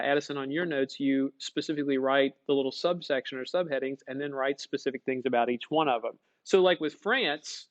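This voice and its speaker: A man's voice: a little high, lo-fi sound. A male history teacher giving a chatty classroom lecture, asking the class questions in a folksy way.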